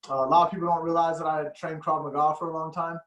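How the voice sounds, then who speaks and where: A man's voice: on the high side, level tone, fast, fairly bright tone, dull audio. A man hosting a podcast, telling rambling stories in a casual chat and laughing often. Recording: echoey room.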